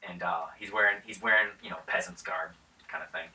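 A man's voice: low-pitched, fairly even intonation, a little fast, bright, forceful tone. A man running a tabletop game as game master, narrating casually with laughs and loose, rambling asides. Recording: roomy sound from a distance.

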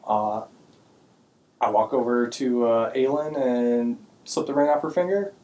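A tabletop player speaking slowly and hesitantly from a distance. The words come slowly. The voice sits at an even middle pitch. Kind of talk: tabletop game play.

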